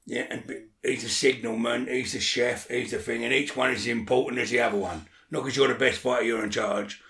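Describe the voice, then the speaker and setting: A man's voice: mid-range voice, steady tone, a little fast, vocal fry, a bit bright, reverberant. A man talking as an interview guest in casual chat, blunt and swearing a lot, often checking that the listener follows.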